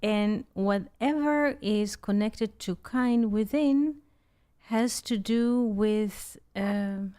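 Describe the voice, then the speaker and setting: Woman teaching slowly on a video call, checks in with "yes?" a lot. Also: mid-range voice, warm tone. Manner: unhurried, often checks in with "yes?". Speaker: spiritual teacher hosting an online group call.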